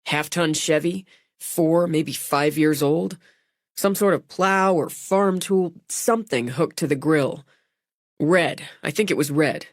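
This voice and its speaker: A woman's voice: sits low, slow pace, no echo. A woman reading voices a shaken young man after a crash, talking in a dry, joking way. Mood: dazed, wry.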